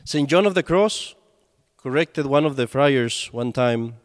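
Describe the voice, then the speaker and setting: A man's voice: medium pitch, lively intonation, measured pace. A man, a priest, giving a conversational sermon and telling stories with acted quotes. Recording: long hall reverb.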